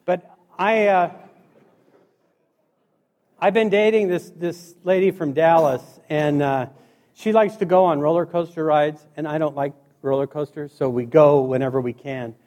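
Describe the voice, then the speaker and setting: A man's voice: a little high, a little slow, darkish tone. A middle-aged man from Montana giving a humorous motivational talk to a live audience, joking and acting out his stories. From Montana, USA. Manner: joking, acts out stories with sound effects. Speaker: motivational speaker. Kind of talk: humorous keynote speech. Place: stage before a live audience.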